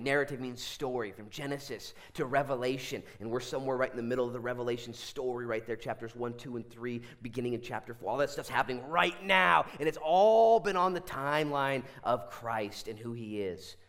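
Animated man preaching a sermon. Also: mid-range voice, a little fast, few pauses. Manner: animated, swings from loud exclamations to hushed asides. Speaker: pastor. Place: church sanctuary.

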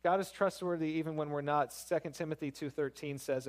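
A man's voice: fairly high pitch, fairly even intonation, fairly quick, hardly any pauses. A man, a pastor, giving a sermon in a conversational, storytelling way that builds emphasis.

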